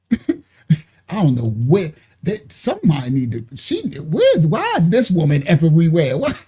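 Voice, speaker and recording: This woman's low, mellow, husky voice swoops wildly in pitch while she speaks unhurriedly. Hosting a reaction livestream at her computer with her screen shared, she chats and mocks, laughing often and using lots of slang.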